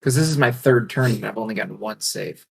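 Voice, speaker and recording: A man playing in a tabletop game, quietly questioning how the rules work. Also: on the low side, fast, gravelly, slightly rough. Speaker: player. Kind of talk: casual tabletop game play.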